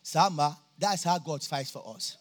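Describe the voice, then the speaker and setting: A man preaching a sermon at a church campmeeting, jovial and laughing often, now and then bursting into shouts. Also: a little high, unhurried. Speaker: pastor.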